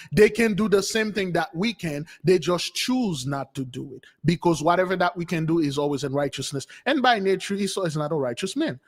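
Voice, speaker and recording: A man with a high voice preaches through a story, animated and acting out its people. His voice carries a long, hall-like reverb. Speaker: spiritual teacher. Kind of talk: storytelling sermon.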